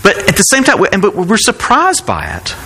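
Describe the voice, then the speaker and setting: A man's voice: sits high, huge pitch swings, a little fast, bright, forceful tone, slightly rough, big-room sound. A man preaching a sermon as pastor, talking in a conversational way and asking rhetorical questions.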